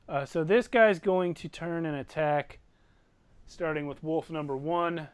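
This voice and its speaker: Game master for a tabletop game: a man with a slightly high voice and an unhurried delivery who narrates combat vividly. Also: fairly even intonation, smooth.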